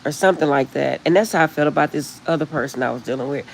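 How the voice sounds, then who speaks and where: A middle-aged woman chatting casually with live viewers on her phone, rambling warmly and laughing often. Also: low voice, fast, creaky, few pauses, a little hiss or hum, rough recording. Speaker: livestream host.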